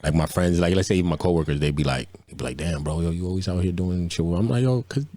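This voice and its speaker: A man with a very deep, low voice talks fast and freely as a podcast co-host. His stories run loose and profane in a casual back-and-forth. The sound is dry and close. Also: steady tone, warm tone, no room sound. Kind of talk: casual chat.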